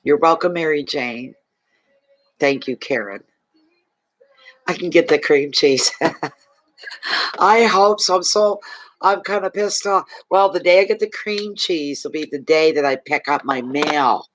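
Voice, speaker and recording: A man's voice: fairly high pitch, measured pace, pauses often, a bit bright. A man from Canada chatting casually on a livestream as a fortune reader, emotional, thanking viewers and talking to his dog.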